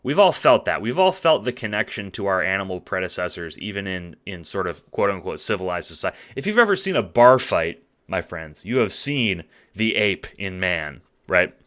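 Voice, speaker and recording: Bright-voiced tired man, casual essay. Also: deep voice, big pitch swings, normal speed, hardly any pauses. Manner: conversational and profane, with frequent fillers and rhetorical "right?". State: tired, yawning late at night. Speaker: video essayist.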